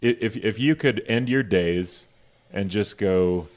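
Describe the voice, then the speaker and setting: A man co-hosting a podcast, asking friendly, halting questions in casual interview chat. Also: lowish voice. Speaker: podcast co-host.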